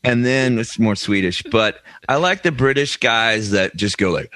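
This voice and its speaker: A man's voice: mid-range voice, moderate pace, few pauses, bright, forceful tone, dry recording. A man co-hosting a comedy podcast, riffing jokily and often slipping into silly voices. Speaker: podcast co-host. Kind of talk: comedic banter.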